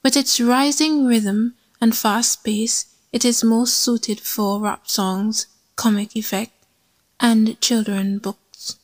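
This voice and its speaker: A woman reading a poem and teaching a short poetry lesson in a measured, scripted way. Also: fairly high pitch, steady tone.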